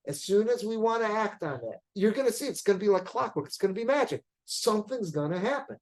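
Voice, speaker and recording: A man, a rabbi telling a story in a sermon, animated and at times rising to near-shouting. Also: high voice, fast talker, low-quality recording.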